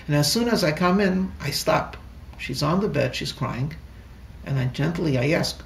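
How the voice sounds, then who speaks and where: A man, a rabbi, telling a story in a sermon, halting and repeating words, heard in an echoey room from a distant mic. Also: a little high, lively intonation, gravelly. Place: lecture room in a Torah center.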